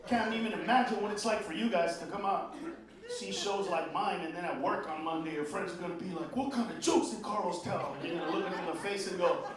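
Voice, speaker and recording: A man from Honduras doing a brash, profane stand-up set, swinging between shouts and low mutters. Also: fast, far from the mic. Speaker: stand-up comedian. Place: comedy club stage. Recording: roomy live club recording with crowd noise.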